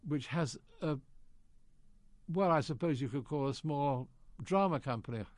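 A man's voice: a little high, a little slow, a little mellow, dry recording, clean studio sound. An older British man, an actor, genially telling anecdotes in an interview and acting out quoted lines. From Britain. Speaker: actor guest.

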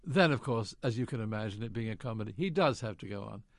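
A man's voice: on the low side, lively intonation, fast talker, vocal fry, dry recording. An older British man, an actor, genially telling anecdotes in an interview and acting out quoted lines. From Britain. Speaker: actor guest.

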